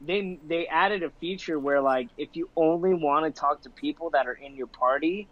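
A man's voice: fairly high pitch, moderate pace, no echo. A young man in casual chat, telling stories full of "like" and swearing, laughing often. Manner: profane, laughing, animated storyteller with filler "like". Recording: dull lo-fi sound.

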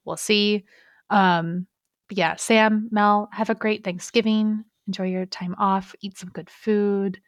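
A woman's voice: mid-range voice, fairly even intonation, slow pace, no room sound, clean studio sound. A woman co-hosting a podcast in casual chat, chatty and giggly with lots of fillers. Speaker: podcast co-host.

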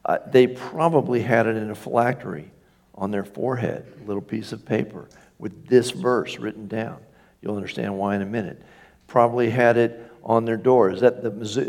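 A male pastor delivering a sermon in a church, with a mid-pitched voice. He punches key phrases with sudden rises and keeps checking in with the congregation. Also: vocal fry, a little mellow.

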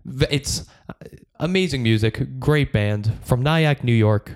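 A man's voice: medium pitch, a little mellow. A man who does stand-up comedy chats as a podcast guest. He gushes and rambles, often stopping and restarting mid-sentence. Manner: enthusiastic, rambling, halting restarts. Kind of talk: casual podcast chat.

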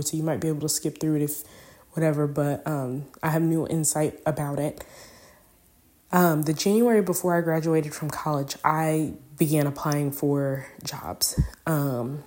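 A woman's voice: sits low, darkish tone. A young woman hosting a podcast, talking through a personal reflection in a rambling way with many fillers, open about her feelings. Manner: rambling, filler-heavy, openly emotional. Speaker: podcast host.

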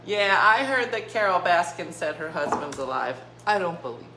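Woman in her 50s, low voice, joking around to the camera at home, echoey room. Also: animated, moderate pace. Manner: chatty and jokey, with frequent laughs. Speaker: vlogger. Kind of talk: casual morning chat to viewers. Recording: echoey room with clear background noise.

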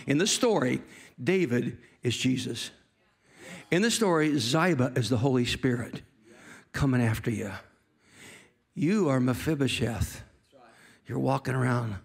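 A man delivering a sermon in a fairly high voice. He tells the story with animation and acts out its characters as he goes. Now and then he jokes with his congregation. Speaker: preacher.

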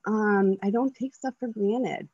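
A woman's voice: medium pitch, measured pace, dark tone, no echo, muffled recording. Earnest woman sharing, full of ums. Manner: earnest, many ums and likes, restarts. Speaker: twelve-step meeting speaker. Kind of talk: personal recovery share.

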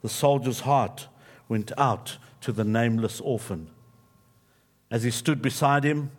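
Male pastor, mid-pitched, storytelling sermon and prayer. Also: unhurried. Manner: steady storytelling, softening into reverent prayer. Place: church.

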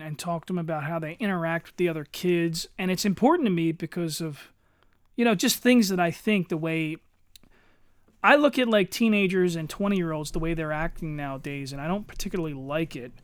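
Middle-aged male co-host, high voice, dry close sound, blunt and profane. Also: fairly quick, clear, resonant tone, no echo. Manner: blunt, swears freely. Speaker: podcast co-host. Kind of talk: casual chat.

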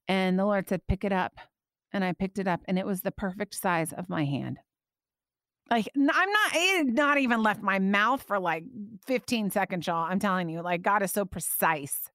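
A woman hosting a faith podcast, telling a personal story with animated, emotional delivery that climbs high when she quotes her prayers. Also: normal speed, no room sound, clean studio sound. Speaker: podcast host.

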